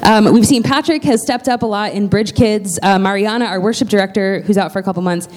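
A woman's voice: mid-range voice, fairly quick, a little mellow. A woman pastor making church announcements from the pulpit, chatty and heartfelt, with plenty of fillers and restarts.

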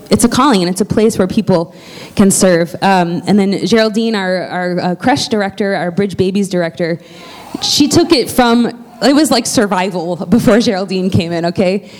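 A woman's voice: mid-range voice, moderate pace, darkish tone. A woman pastor making church announcements from the pulpit, chatty and heartfelt, with plenty of fillers and restarts.

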